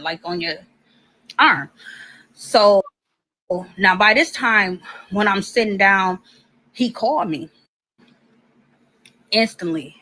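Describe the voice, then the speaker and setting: A woman's voice: mid-range voice, pushed and bright, rough recording. Blunt, profane woman telling a story. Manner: blunt and profane, acts out both sides of the dialogue. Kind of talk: casual personal storytelling.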